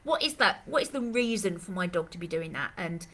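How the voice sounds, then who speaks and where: A woman's voice: lowish voice, expressive, brisk, pushed and bright. A woman dog trainer answering questions in a live Q&A, chatty and rambling, with lots of fillers and restarts, speaking. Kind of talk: live Q&A session.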